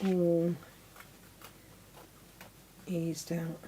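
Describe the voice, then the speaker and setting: A woman's voice: lowish voice, monotone, extremely slow, noisy background. A middle-aged woman hosting a live sewing demonstration, chatting casually, talking to her tools and exclaiming as she goes. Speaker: crafting show host.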